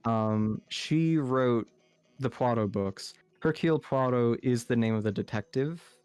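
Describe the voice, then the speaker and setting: Man, slight lisp, general American accent, casual chat, rambling with fillers, medium pitch. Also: unhurried, darkish tone, clear, resonant tone, no echo, faint music behind. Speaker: podcast co-host.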